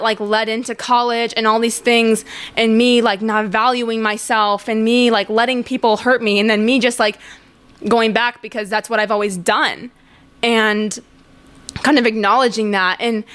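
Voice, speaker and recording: Young woman, podcast host, casual confessional chat, rambling, lots of fillers, fairly high voice. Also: steady tone, normal speed, a bit bright. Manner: rambling, many fillers and restarts, laughs while talking.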